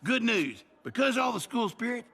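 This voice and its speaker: An actor playing a plain-spoken middle-aged school official with a drawl in an animated sitcom. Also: male voice, extremely high pitch, moderate pace, husky, heavily acted. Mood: matter-of-fact.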